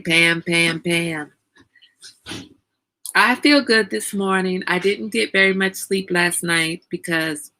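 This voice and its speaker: A woman's voice: lowish voice, gravelly, sharp tone. A woman hosting a casual livestream, chatting animatedly, greeting viewers by name and laughing often. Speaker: livestream host.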